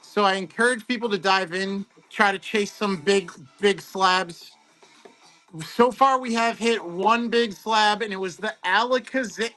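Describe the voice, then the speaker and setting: Upbeat male stream host, high bright voice, chatty, faint music behind. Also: a little slow. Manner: excitable, chatty, greets viewers by name. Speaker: host of a card-opening livestream. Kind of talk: casual livestream chat.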